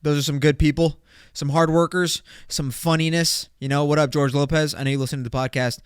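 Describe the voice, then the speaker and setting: This young podcast host rambles and cracks jokes alone, swinging between loud outbursts and muttered asides. He speaks briskly and flatly in a fairly high, smooth, resonant voice, miked closely in a dead, echo-free room.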